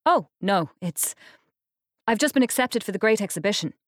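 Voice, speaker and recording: A woman's voice: mid-range voice, moderate pace, no echo, studio quality, close to an everyday voice. A woman reading aloud and voicing a nervous, awkward young man who rambles and hurries to please. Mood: eager.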